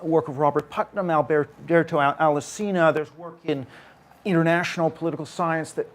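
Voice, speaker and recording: Higher-voiced man explaining earnestly. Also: steady tone, brisk. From Canada. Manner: earnest, explanatory, frequent self-corrections. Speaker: panel speaker, social scientist. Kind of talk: public talk at a debate event.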